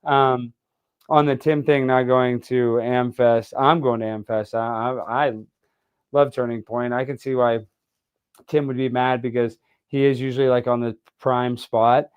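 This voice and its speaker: A man hosting a casual interview show, loud and joking, rambling with sudden yells. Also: mid-range voice, level tone, measured pace, clean tone, muffled recording. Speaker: show host. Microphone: video call setup.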